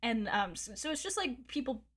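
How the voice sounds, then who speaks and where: A woman's voice: on the high side, sing-song, normal speed, fairly bright tone, husky. A woman streamer chatting casually, telling a gossipy story candidly with frequent swearing and laughs. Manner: rambling with fillers and laughs. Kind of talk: casual chat.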